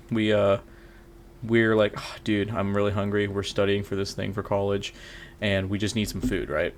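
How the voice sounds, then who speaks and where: A young man co-hosting a podcast, telling a story in a casual, animated way, laughing often and acting out the people in it. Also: lowish voice, slight background noise. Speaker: podcast co-host.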